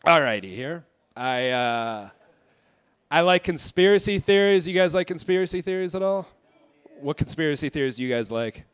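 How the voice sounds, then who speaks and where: Onstage at a comedy club, a young Indiana comedian with a smooth, fairly high voice works through a stand-up set of dark material. His delivery is deadpan and halting, with fillers scattered throughout.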